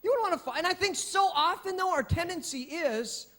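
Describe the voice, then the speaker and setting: A man preaching a sermon as pastor, in a lively, conversational way with frequent restarts. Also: extremely high pitch, fairly quick.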